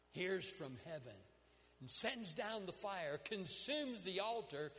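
A man's voice: high voice, a bit bright. Male preacher, earnest and dramatic in his retelling, voice ringing with long reverb. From United States. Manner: earnest storytelling with dramatic quoted prayers. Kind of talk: sermon.

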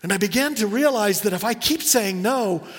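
A middle-aged man preaching a sermon, telling personal stories earnestly and slowing down for emphasis. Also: high voice, expressive, breathy edge, big-room sound. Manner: earnest storytelling, slows for emphasis. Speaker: pastor.

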